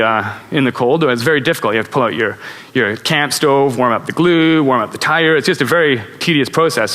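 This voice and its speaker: A middle-aged man giving a conference talk, telling travel stories in an animated way and chuckling at his own tales, heard on a stage microphone in a large auditorium. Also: medium pitch. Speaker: conference speaker. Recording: auditorium reverb.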